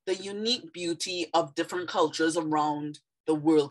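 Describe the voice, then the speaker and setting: Vlog host, woman, lowish voice, measured and thoughtful delivery. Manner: measured, thoughtful, with occasional fillers. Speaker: YouTube channel host. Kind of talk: casual explanatory vlog.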